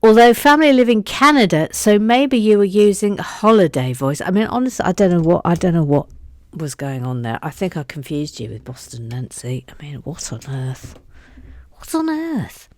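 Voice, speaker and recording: A woman's voice: lowish voice, normal speed, dry recording, studio quality. A woman with an English accent chatting playfully as co-host while building a model. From England. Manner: playful, chatty, puts on silly sing-song voices. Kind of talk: casual chat while building.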